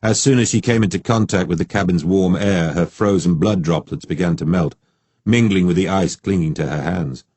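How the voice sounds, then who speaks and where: A man narrating an audiobook in a measured, steady reading on a close studio mic. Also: sits low, slightly rough, no echo. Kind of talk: scripted narration.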